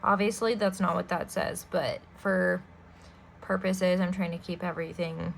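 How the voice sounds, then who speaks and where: A woman reading a children's novel aloud as a storyteller, steady and expressive, with small asides to the listener. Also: lowish voice, moderate pace, vocal fry, slight background noise, poor audio.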